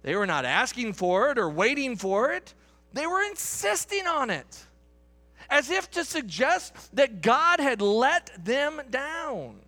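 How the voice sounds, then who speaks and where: A man in his thirties delivers a sermon in church with a high, bright, forward voice. He is earnest and repeats words as he presses a point. When he voices complaints he lifts his voice higher still. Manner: acts out quoted complaints in a raised voice. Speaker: pastor.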